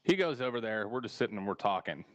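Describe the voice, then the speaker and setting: A man's voice: fairly low pitch, fast, dull audio. Laughing, rambling male podcast host. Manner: rambling, laughs often, lively when telling a story. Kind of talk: casual storytelling chat.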